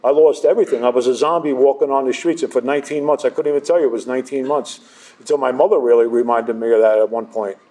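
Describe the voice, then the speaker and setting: A man's voice: mid-range voice, fairly even intonation, fast talker, mellow. A middle-aged man sharing his recovery story with a live audience, conversational and self-deprecating.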